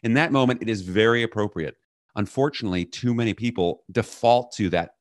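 Animated deep-voiced man telling a story. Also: fairly quick, dry recording, studio quality. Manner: animated, acts out quoted commands loudly. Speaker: leadership coach, podcast guest. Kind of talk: storytelling in a podcast interview.

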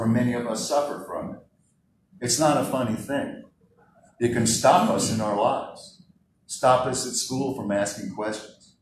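A man leading a live public speaking workshop, very animated and moving from soft talk to shouting. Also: medium pitch, slight background noise. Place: workshop room with an audience. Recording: roomy sound from a distance, faint ambience.

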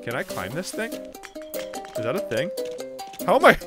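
A man doing comedic gameplay commentary as a gaming YouTuber, giggling and swinging from high shrieks to low mutters. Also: huge pitch swings, measured pace, a bit bright, soft background music.

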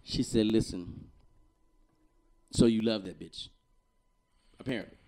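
A young adult man co-hosting a casual podcast, telling a story and acting out the quotes, swinging from low mutters to loud outbursts. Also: measured pace. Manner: animated, acts out quotes with big swings from low mutters to shouts. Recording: noisy podcast recording.

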